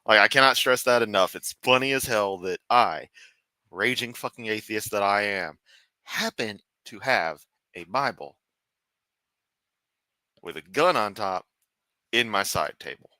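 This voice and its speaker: A man from the United States hosting a reaction stream from his room at home. He is sarcastic, rambling and constantly profane. His lowish voice has a bright, forceful edge, and the sound is dry and close. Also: expressive, measured pace, long pauses, no room sound. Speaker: streamer host. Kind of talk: casual reaction commentary.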